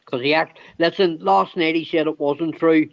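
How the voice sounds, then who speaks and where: A man's voice: a little high, steady tone, normal speed, vocal fry, no echo, dull audio. A man, hosting a livestream panel and telling stories in rambling, swear-heavy casual banter. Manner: swears constantly, rambling, repeats "they got there".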